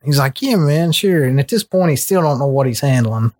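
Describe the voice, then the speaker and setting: Profane, animated young man telling stories. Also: medium pitch, quick pace. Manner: profane, animated storyteller, drawling slang. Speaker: podcast co-host. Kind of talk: casual storytelling chat.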